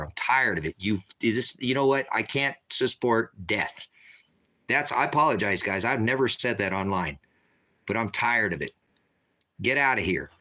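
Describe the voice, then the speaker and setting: A man preaching on a livestream, ranting forcefully and repeating himself. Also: mid-range voice, expressive, normal speed. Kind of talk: heated livestream rant.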